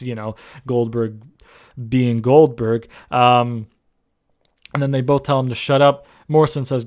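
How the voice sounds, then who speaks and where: A man's voice: mid-range voice, level tone, moderate pace, a little mellow, smooth. A young man in his twenties casually recapping and reviewing a wrestling show, rambling loosely with lots of fillers and the odd swear.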